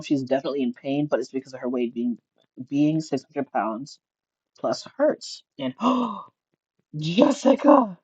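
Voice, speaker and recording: A streamer giving casual reaction commentary, mocking and animated, laughing often and shrieking at times. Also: mid-range voice, husky, dry recording, dull audio.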